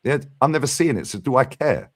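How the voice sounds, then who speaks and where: A man's voice: medium pitch, expressive, brisk, no room sound, studio quality. A man hosting a casual football fan chat, blunt and sweary, tagging "yeah?" onto his points. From London. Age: 40s. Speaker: fan channel host.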